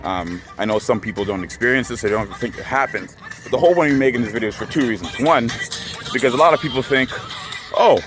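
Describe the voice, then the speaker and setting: A man's voice: mid-range voice, quick pace, music in the background. A young man telling a story to camera in a casual, rambling way, full of filler words. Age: young adult. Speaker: vlogger.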